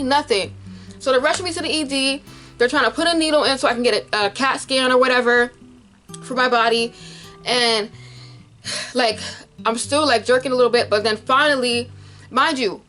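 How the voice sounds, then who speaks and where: A young woman vlogger, emotionally retelling a frightening medical episode in a casual, animated way to camera. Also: fairly high pitch.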